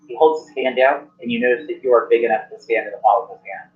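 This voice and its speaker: A man's voice: mid-range voice, fairly even intonation, fast talker. Man narrating a tabletop game on a muffled recording. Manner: rambling, many restarts and fillers. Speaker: game master.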